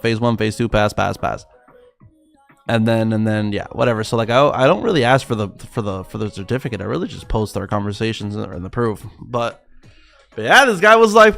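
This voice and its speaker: A man's voice: medium pitch, creaky. A young man, rambling and swearing as he chats with his livestream viewers about trading. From South Florida. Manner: rambling, profane, excitable, talks to chat. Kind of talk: casual livestream chat.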